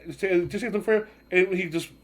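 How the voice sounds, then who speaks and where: A man runs a tabletop game as its game master, his voice sitting a little high. He narrates in a rambling, halting way, full of fillers and restarts. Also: fairly bright tone.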